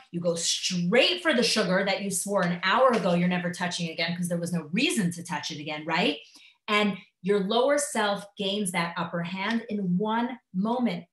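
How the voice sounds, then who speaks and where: A woman's voice: medium pitch, a bit bright. A woman teaching a live lecture in a conversational way, acting out inner voices as she speaks. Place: classroom. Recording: echoey room.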